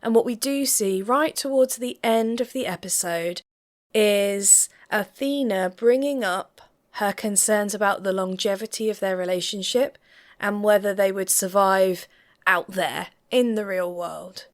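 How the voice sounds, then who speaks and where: Measured woman recapping reality TV. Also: mid-range voice. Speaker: co-host reacting to reality TV. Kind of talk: casual reaction chat.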